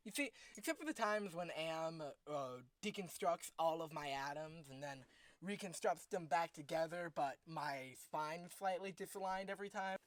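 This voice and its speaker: A man hosting a comedy vlog, ranting in an exasperated, sarcastic way and breaking into shouts. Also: fairly high pitch, lively intonation, normal speed, no echo, clean studio sound. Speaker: host.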